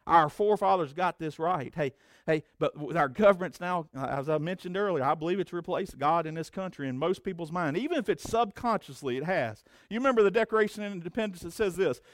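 A man preaching a sermon as pastor, swinging between loud emphatic declarations and low conversational asides. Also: fast talker, hardly any pauses, dry recording, clean studio sound.

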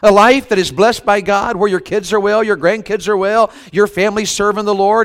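This revival preacher talks briskly with hardly any pauses, his high-pitched voice fairly even in intonation. He shares funny stories in a homespun, conversational manner and asks the crowd for amens.

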